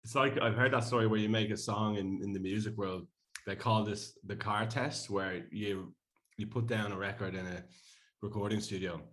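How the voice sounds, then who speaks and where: A man's voice: fairly low pitch, fairly even intonation, moderate pace, a bit bright. A man co-hosting a podcast in casual, joking chat, laughing often. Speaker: podcast co-host. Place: Bondi home.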